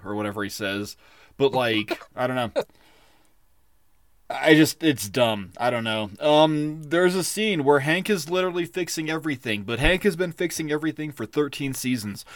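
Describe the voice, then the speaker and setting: A man's voice: mid-range voice, fairly bright tone, dry recording, studio quality. A man co-hosting a podcast in casual chat, ranting with lots of swearing and breaking into giggles. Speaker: podcast co-host.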